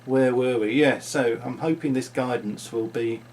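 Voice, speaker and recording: A man's voice: medium pitch, a little slow, a little mellow, a little hiss or hum. A man talking unscripted into his vlog, musing and rambling with frequent restarts. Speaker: vlogger.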